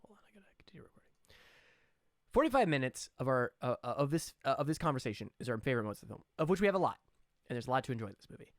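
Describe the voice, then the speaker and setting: A man hosting a casual film podcast, excitable and loose with swearing. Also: medium pitch, racing, dry recording, studio quality. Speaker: podcast host.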